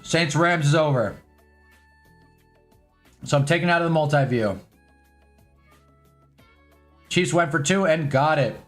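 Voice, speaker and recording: A man's voice: fairly high pitch, takes it slowly, pauses often, fairly bright tone, faint music behind. A man hosting a casual live sports stream at his own desk mic, loose and chatty, swearing now and then and talking to his chat.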